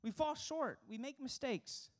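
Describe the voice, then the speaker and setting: A man's voice: very high voice, animated, unhurried. A young man preaching as a pastor, earnest and emphatic, asking the congregation rhetorical questions. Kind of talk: sermon.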